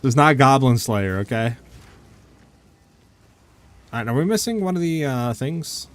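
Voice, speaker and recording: A man's voice: medium pitch, lively intonation, measured pace. A young man streaming a game, chatting casually and answering chat questions with lots of "like" fillers. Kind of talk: casual live-stream commentary.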